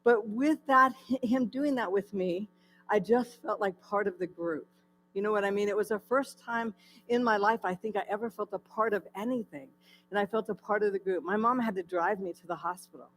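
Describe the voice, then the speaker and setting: A guest speaker at a church shares her personal testimony, telling her story in a candid, conversational way. Her voice sits in the mid-range, and the recording is rough.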